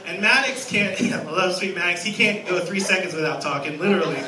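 A man in his thirties preaching a sermon as a guest pastor, lively and storytelling, acting out little scenes. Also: high-pitched, brisk, echoey room, recorded from a distance, crowd noise, rough recording. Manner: animated, acts out scenes with a raised voice. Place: church sanctuary.

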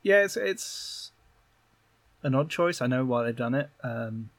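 A man co-hosting a podcast, chatting casually about a film with many fillers and pauses. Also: medium pitch. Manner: relaxed, hesitant, lots of fillers. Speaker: podcast co-host. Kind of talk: casual film review chat.

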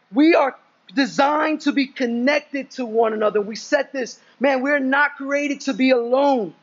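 A man's voice: very high voice, lo-fi sound. A young adult man preaching a sermon in a casual, conversational way, telling stories with asides. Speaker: pastor.

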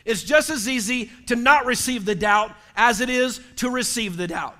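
High, bright-voiced preaching man. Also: moderate pace. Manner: impassioned preaching, rising to shouts. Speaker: pastor. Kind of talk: sermon.

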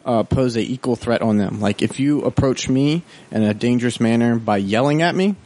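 A man chatting on a podcast, speaking at a medium pitch into a microphone. He rambles through his story and over-explains points. His delivery stays animated and casual. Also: normal speed.

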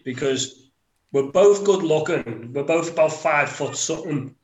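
A man jokes in a slow, deadpan way, sounding smugly boastful. His voice is a bit high for a man. The room has a clear echo. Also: a little hiss or hum. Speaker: podcast co-host. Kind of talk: casual banter.

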